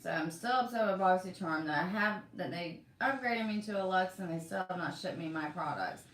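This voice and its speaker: A woman's voice: fairly low pitch, fairly quick. An older woman, venting bluntly and profanely in a home vlog. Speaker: vlogger. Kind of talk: angry ranting vlog. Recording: roomy, mic at a distance.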